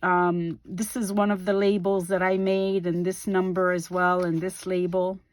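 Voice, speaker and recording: A middle-aged woman hosting a craft video, calmly describing her journal page by page with frequent ums and small self-corrections. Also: fairly low pitch, a little slow, dry recording. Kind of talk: casual craft flip-through narration.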